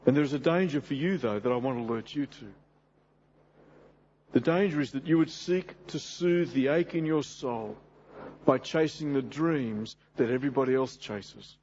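On a dull, lo-fi recording with slight background noise, a middle-aged preacher addresses his congregation earnestly and directly. His voice is medium-pitched, a little mellow, and at normal speed.

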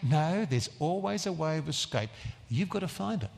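A man preaching a sermon in a church, earnest and emphatic, stressing phrases slowly. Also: fairly high pitch, animated, creaky, breathy edge, long reverb tail.

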